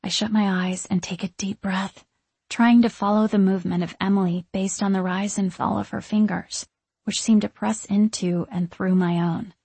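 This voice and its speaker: Woman audiobook narrator, first person, expressive; husky voice, dry close recording. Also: medium pitch, normal speed, no echo.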